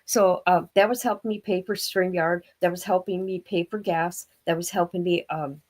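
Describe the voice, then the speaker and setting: A woman's voice: on the low side, steady tone, normal speed, darkish tone. Chatty older woman rambling to viewers. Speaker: livestream host. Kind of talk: casual livestream chat.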